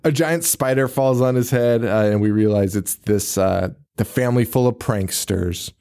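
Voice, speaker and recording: A man's voice: mid-range voice, normal speed, warm tone, clear, resonant tone. A man casually recapping a movie on a podcast, joking, swearing and laughing often as he acts out lines. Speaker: podcast co-host.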